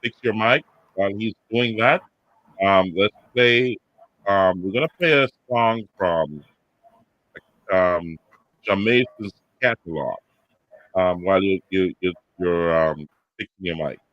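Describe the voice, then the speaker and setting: A man's voice: low voice, takes it slowly, pauses often, dry recording, highs cut off. A man hosting a podcast show, talking casually with many fillers and restarts. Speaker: podcast host.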